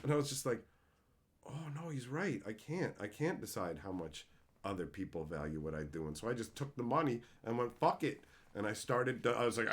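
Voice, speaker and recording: A male streamer talking casually to his chat, his voice leaping high and loud when he reads messages, then dropping low and quiet for stories. He swears freely and keeps an easy, rambling tone. His pitch is lively and very animated throughout. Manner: animated, swings between loud excited reading of chat and low reflective storytelling.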